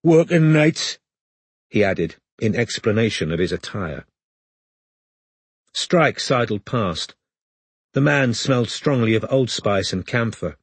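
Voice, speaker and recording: A man narrating an audiobook in a measured storytelling manner, close to the mic. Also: on the low side, lively intonation, husky, no echo.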